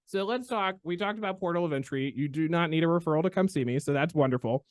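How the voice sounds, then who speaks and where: A man, a chiropractor hosting a podcast, telling stories in an animated, theatrical way. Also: fast, no room sound, studio quality. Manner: animated, theatrical storyteller with big pitch swings. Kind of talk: casual podcast chat, storytelling.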